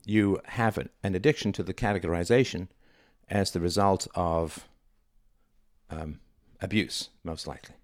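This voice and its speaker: A man's voice: sits low, moderate pace, no room sound, studio quality. A middle-aged man, hosting his own show, talking through ideas in a reflective, conversational and sometimes emphatic way. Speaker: podcast host. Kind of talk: solo monologue.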